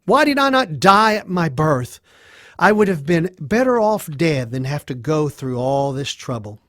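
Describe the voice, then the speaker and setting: A man's voice: fairly high pitch, big pitch swings, a little slow, a bit bright, no room sound, clean studio sound. A man voicing a suffering, despairing man who pleads his innocence, his voice rising in anguish.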